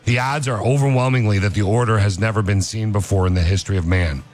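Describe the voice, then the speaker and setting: A man's voice: fairly low pitch, quick pace, darkish tone, soft background music. A man hosting a casual chat, joking around and rattling off rambling fun facts. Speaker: host.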